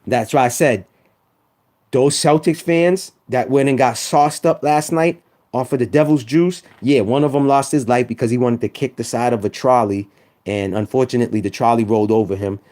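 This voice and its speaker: A man's voice: mid-range voice, normal speed, a little mellow. A man trash-talking rival sports fans on a live stream, teasing and repeating himself for emphasis. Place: home room.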